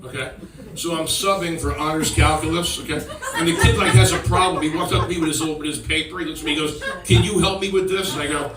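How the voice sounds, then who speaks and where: A middle-aged stand-up comedian tells rambling stories on a comedy club stage, sometimes slipping into kids' voices. His slightly high voice is fast with fairly even intonation and sits off-mic at a distance, in an echoey room with loud music behind him and a crowd laughing loudly.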